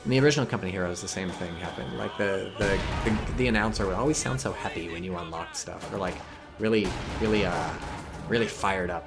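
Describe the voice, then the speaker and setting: A man's voice: deep voice, a little fast, gravelly. A man casually commentating a strategy game replay, analytical and wry with frequent swearing. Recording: game music and gunfire behind.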